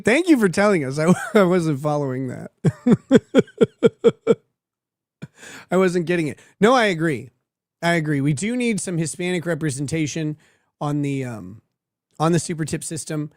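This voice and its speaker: A man's voice: on the high side, expressive, unhurried, pauses often, dry recording, studio quality. A man hosting a livestream, reading viewer messages and answering them with crude, sardonic jokes and frequent laughter. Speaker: livestream host. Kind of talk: casual livestream commentary.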